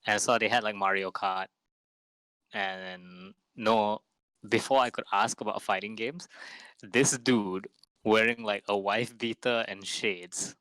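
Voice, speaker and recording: A young Malaysian man telling a story in a casual podcast chat, with a bright, forceful voice. The sound is close and dry, with no room around him. He slips into the voices of the people he describes. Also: fairly low pitch, takes it slowly, vocal fry, smooth, no echo, low-quality recording. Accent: Malaysian English. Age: young adult. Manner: animated storyteller, acts out other people's lines. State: coughing, a bit run down. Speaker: podcast co-host.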